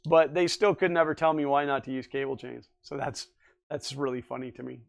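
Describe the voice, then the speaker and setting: Chatty man in his forties, smooth voice. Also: mid-range voice, flat delivery, brisk. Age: 40s. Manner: rambling, chatty, reads and answers chat. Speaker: livestream host. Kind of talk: casual live-stream chat.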